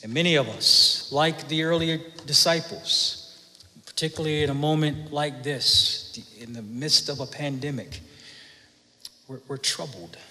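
A man preaching a sermon as a pastor, reading scripture and then explaining it in a halting way that often repeats words. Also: mid-range voice, sharp tone, big-room sound.

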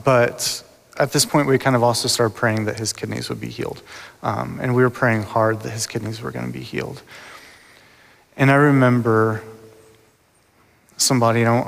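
A man delivers a sermon in an earnest, halting way, often restarting his sentences. His voice is gravelly with fry. The sound rings with the long reverb of a big hall. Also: medium pitch. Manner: earnest, hesitant, many ums and restarts. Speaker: preacher.

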